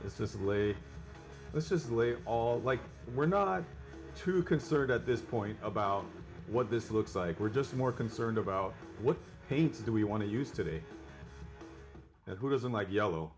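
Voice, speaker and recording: A man's voice: on the low side, normal speed, a little mellow, soft background music. A young man delivering an earnest, rambling mock painting tutorial, self-help style, with frequent restarts. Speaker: comedic painter.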